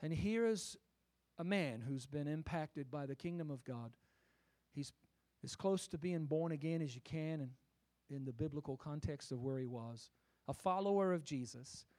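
A man preaching a sermon, emphatic and rhetorical, swinging from quiet asides to loud declarations. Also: a little high.

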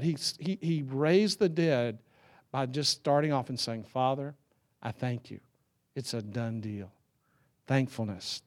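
Middle-aged man preaching, conversational and anecdotal, a touch higher-pitched. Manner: conversational storytelling with chuckles and restarts. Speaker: pastor. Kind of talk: sermon.

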